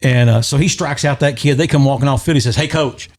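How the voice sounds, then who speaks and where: A middle-aged man tells a long story in casual podcast chat, animated and acting out the voices of the people he quotes. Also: mid-range voice, fast talker. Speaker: podcast guest or host.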